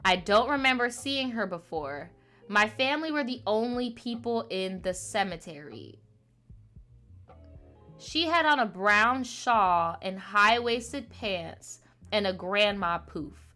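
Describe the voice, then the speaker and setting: Bright-voiced chatty woman host. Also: mid-range voice, expressive, slow pace, faint music behind. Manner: chatty, lots of fillers, playful asides. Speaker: podcast host reading viewer stories. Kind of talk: casual chat, reading letters aloud.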